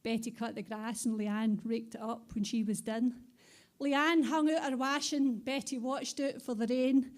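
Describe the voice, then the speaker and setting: A Scottish woman performing poetry live on stage at a bar, with a rhythmic, lively delivery into a stage microphone. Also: on the high side, a little slow. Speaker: poet. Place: bar venue, live event.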